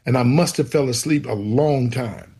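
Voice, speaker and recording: A man's voice: medium pitch, moderate pace, slightly rough. A man, telling his faith testimony as an interview guest and acting out the voices in it. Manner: animated storyteller, acts out quoted voices. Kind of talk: storytelling testimony.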